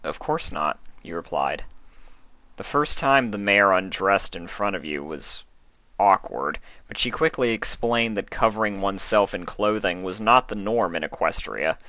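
Casting: a low-voiced male narrator with a bright, forceful tone, reading calmly. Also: measured pace, dry recording. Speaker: story reader. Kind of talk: audiobook narration.

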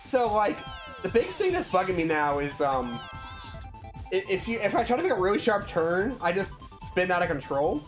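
A woman streamer chats through a game, her voice sitting low but swinging widely. She is playful and giggly and keeps stammering and repeating words. Game music plays clearly underneath. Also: sing-song, moderate pace. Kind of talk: casual live-stream chat while gaming.

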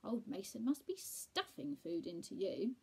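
A woman's voice: mid-range voice, sing-song, a little slow, gravelly, husky, heavily acted. Woman doing a blunt, scolding tomcat.

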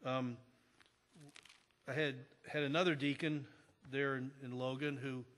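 A man's voice: medium pitch, little pitch movement, unhurried, a bit bright. A man preaching a sermon as pastor, telling stories in a conversational way with frequent restarts. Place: church sanctuary. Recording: long church hall reverb.

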